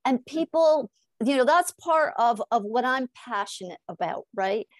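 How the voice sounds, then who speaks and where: A middle-aged woman from Connecticut speaks as a hypnotist guest on a podcast, in a voice that sits on the higher side. She tells lively stories, laughs often and repeats phrases for emphasis. The sound is dry and close, with no room around it. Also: unhurried, no echo. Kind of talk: podcast interview.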